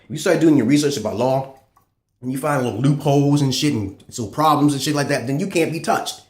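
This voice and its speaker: A man delivering a profane, rambling monologue as a channel host, swinging between loud high bursts and low mutters. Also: brisk. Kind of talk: ranting monologue. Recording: echoey room.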